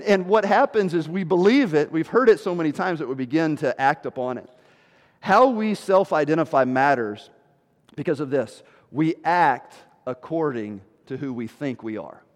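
A man in his forties preaching a sermon as pastor, animated, acting out what people say. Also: fairly high pitch, normal speed, long reverb tail. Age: 40s. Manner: animated preaching, quoting people in put-on voices.

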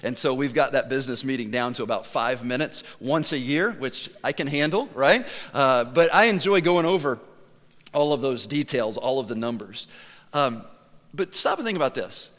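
A man preaching a sermon to his congregation in a church, animated and conversational, joking with the listeners. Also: mid-range voice, normal speed, big-room sound. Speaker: pastor. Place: church sanctuary.

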